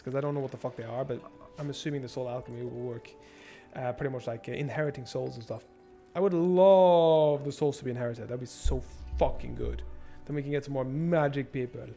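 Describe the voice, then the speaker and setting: A young man streaming a strategy game, swearing and thinking out loud as he plans and shops. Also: mid-range voice. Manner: profane, rambling, thinks out loud. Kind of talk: casual gameplay livestream commentary.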